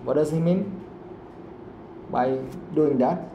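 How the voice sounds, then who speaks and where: A man's voice: on the high side, slow pace, highs cut off, slight background noise. A man with a Vietnamese accent, teaching an English lesson live and explaining patiently with many repetitions. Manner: explains patiently, repeats himself, switches into Vietnamese to clarify. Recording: echoey room.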